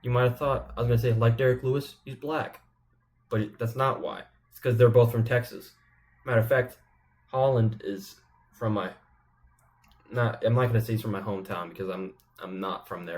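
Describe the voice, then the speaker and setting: A man riffing through casual comedic commentary, cursing freely and rambling between jokes. His voice sits at an ordinary middle pitch. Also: fairly even intonation, moderate pace, a little mellow. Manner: rambling, profane, joking. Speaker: channel host.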